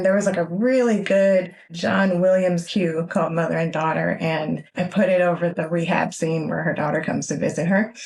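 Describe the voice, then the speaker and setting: A woman film editor from Los Angeles, chatting animatedly in an interview, often laughing and acting out what people said. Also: fairly low pitch. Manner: animated, laughs often, acts out quoted lines. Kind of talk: casual interview chat.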